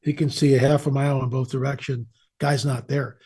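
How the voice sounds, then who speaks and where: Brisk and husky, with a medium pitch, level tone and darkish color, an older male guest swaps stories on a casual interview show. He writes about the supernatural and talks conversationally, wandering into asides and restarting his thoughts.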